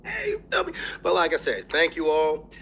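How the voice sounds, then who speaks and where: A young man giving a casual movie review on his channel, telling it in an excitable, profane way with lots of laughing, and tearful as he fights back crying. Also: on the high side, moderate pace, creaky, slight background noise.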